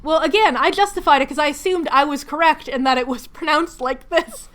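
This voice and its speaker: Woman host, high voice, rambly self-deprecating craft-stream chatter. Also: brisk, fairly bright tone. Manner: chatty, rambling, laughing at herself. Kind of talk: casual livestream chat while crafting.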